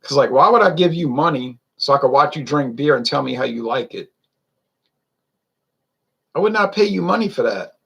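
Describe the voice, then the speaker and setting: A man's voice: mid-range voice, lively intonation, moderate pace, creaky, pauses often, a bit bright, breathy edge, dull audio. A man hosting a beer review video, ranting in a heated, sarcastic way. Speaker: beer review channel host. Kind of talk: casual on-camera rant.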